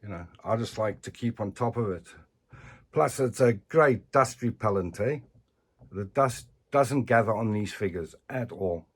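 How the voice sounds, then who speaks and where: Slow, rambling man showing his collectibles. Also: on the low side, husky. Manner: rambling and chatty, with tag questions like "eh?". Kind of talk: casual show-and-tell vlog.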